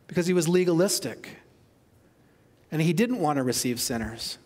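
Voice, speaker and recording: A high-voiced male pastor preaching in an animated, chatty way, putting questions straight to his listeners. His voice rings with the long reverb of a church sanctuary. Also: moderate pace. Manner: animated, conversational, asks the congregation questions. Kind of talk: sermon.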